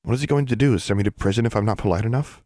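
A man voicing a sharp-tongued twelve-year-old schoolgirl in an audiobook, sour and sarcastic. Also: lowish voice, very fast, no room sound, studio quality, voice pushed up, close to an everyday voice.

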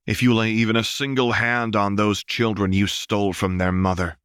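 Man playing a deep solemn wraith, measured threats, dry close sound. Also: flat delivery, a bit bright, smooth, no room sound, natural voice. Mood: menacing. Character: calm vengeful male spirit, the Wraith, stern.

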